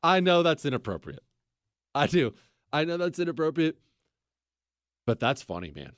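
A man's voice: a little high, sing-song, normal speed, dry recording, studio quality. A man hosting a talk show, rambling in a casual, sarcastic way and breaking into laughter. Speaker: radio talk show host. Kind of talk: casual talk radio monologue.

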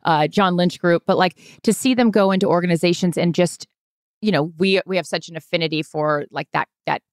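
A woman's voice: lowish voice, fairly quick, clear, resonant tone, no echo, studio quality. A woman from Seattle co-hosting a sports podcast, chatting in a rambling, emotional way with lots of fillers. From Seattle, USA. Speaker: podcast co-host, sports reporter. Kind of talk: casual chat.

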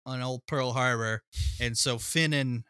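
A man's voice: mid-range voice, fairly even intonation, unhurried, bright, forceful tone, smooth, no echo, clean studio sound. A man co-hosting a podcast, retelling a film plot with sardonic, profane asides. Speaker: podcast co-host recapping a film. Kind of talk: casual storytelling recap.

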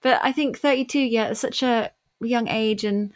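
A woman's voice: a little high, moderate pace. A woman hosting a podcast interview, reflective and thinking aloud as she asks her questions. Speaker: podcast host. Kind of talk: casual interview chat.

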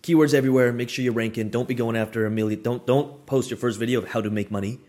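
A man's voice: mid-range voice, fairly even intonation, quick pace, a little mellow. A man hosting an interview, summing up his guest's points in a casual way, with some hesitant restarts. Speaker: podcast host.

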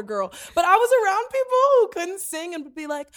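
A woman hosting a casual podcast chat, animated and laughing often, slipping into playful character voices. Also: very high-pitched, quick pace, few pauses. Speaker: podcast host.

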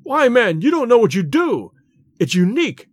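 A man voicing a frightened, desperate scholar who pleads in a shrill, rising voice. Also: sing-song, normal speed, no room sound, studio quality, exaggerated voice. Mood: frantic pleading.

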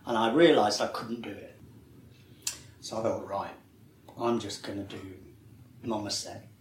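Animated man telling stories, roomy sound. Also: lowish voice, unhurried, a little hiss or hum. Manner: animated storyteller, acts out quoted voices, laughs often. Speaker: actor guest. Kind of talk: anecdotal interview chat.

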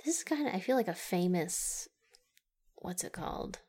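A woman's voice: fairly low pitch, animated, normal speed, darkish tone, slightly rough. A woman co-hosting a casual movie podcast, giggly and amused by her own jokes. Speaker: podcast co-host. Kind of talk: casual movie-review chat.

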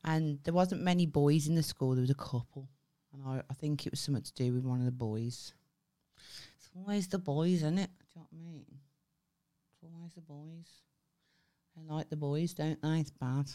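A woman's voice: deep voice, fairly quick, warm tone. A woman co-hosting a podcast, teasing and swearing, laughing often in casual chat. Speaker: podcast co-host.

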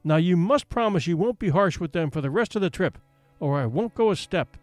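Male reader doing a raised, lively voice for a fretful, gushing young frontier woman. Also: high-pitched, a little fast, no room sound, soft background music. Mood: pleading. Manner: plaintive, gushing, dismayed exclamations. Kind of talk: audiobook character voice.

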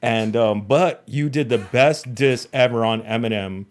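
A man co-hosting a comedy podcast, trading loose banter and mock-serious shout-outs. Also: medium pitch, a little slow. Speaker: podcast co-host.

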